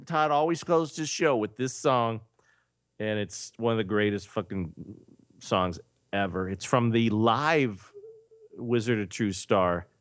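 A middle-aged man from the United States tells a long anecdote on his podcast. He has a fairly low voice and acts out each person's lines as he goes. The recording is dry and close-miked. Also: unhurried, no echo. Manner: animated anecdote teller, acts out quoted dialogue. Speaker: podcast host. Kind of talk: casual storytelling chat.

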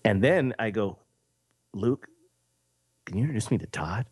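A man's voice: fairly low pitch, unhurried, husky, no echo, clean studio sound. A middle-aged man from the United States, a podcast host telling an anecdote in a casual chat and acting out the quoted dialogue. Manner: animated anecdote teller, acts out quoted dialogue.

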